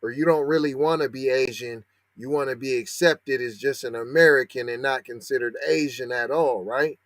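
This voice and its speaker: A man's voice: mid-range voice, moderate pace, fairly bright tone, no echo. A man hosting a podcast, reading out a news story and talking back to it with sarcastic, slangy commentary that turns heated. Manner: sarcastic, rising to heated outrage; slangy, talks back to the article he reads. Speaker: podcast host.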